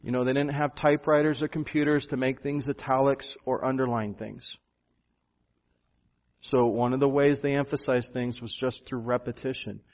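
A male pastor preaching a sermon, animated, jumping up in pitch for emphasis. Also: moderate pace, highs cut off.

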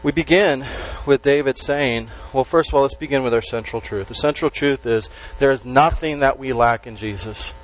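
A man preaching a sermon to a congregation, stressing key words slowly and letting his voice drop at the ends of phrases. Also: medium pitch, poor audio. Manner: emphatic, with slow stressed words and dropped endings. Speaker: pastor.

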